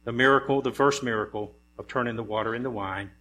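A man preaching a sermon in a church, moving from relaxed storytelling to emphatic rhetorical questions. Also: mid-range voice, fast talker. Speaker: pastor. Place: church sanctuary. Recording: mains hum behind the voice.

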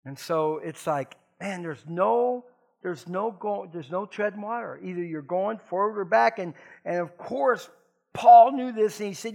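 Gravelly high-voiced pastor, folksy. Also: male voice, a little slow. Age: middle-aged. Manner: folksy, joking, animated asides. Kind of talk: conversational sermon.

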